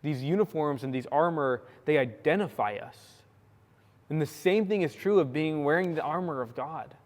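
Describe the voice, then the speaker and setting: A young man from California preaching a sermon, telling a story with lively acted-out quotes. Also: a little high, moderate pace. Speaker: pastor. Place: church sanctuary. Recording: long church hall reverb.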